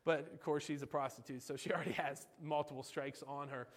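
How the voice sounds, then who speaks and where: A man delivers a casual, joking sermon, throwing questions at his listeners. His voice sits a little high for a man. A long reverb trails his words around the hall. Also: a little fast. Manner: animated, jokey, asks the audience questions. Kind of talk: informal sermon.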